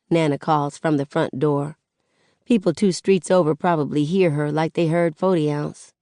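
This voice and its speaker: A woman narrating an audiobook in first person, with steady storytelling. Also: low voice, normal speed, smooth, no echo, clean studio sound.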